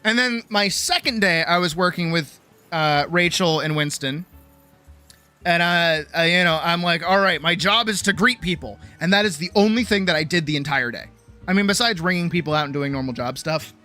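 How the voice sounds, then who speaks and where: A woman streamer telling a casual, animated story, swearing freely and acting out other people's lines. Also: lowish voice, normal speed, faint music behind. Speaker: streamer and artist.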